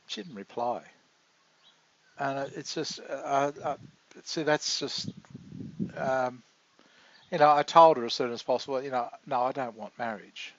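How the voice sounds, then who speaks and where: A man rambling in a halting, confessional video diary, full of restarts. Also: medium pitch, fairly bright tone. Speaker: vlogger. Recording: dull lo-fi dry recording.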